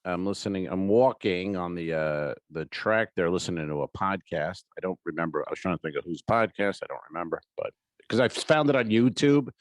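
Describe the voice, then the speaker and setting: A man with a lowish voice that swings up and down a lot as he spins a story. He co-hosts a comedy podcast in a loose, casual chat and swears freely. The sound is dry and close, with no room around it. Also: animated, fairly quick, no echo.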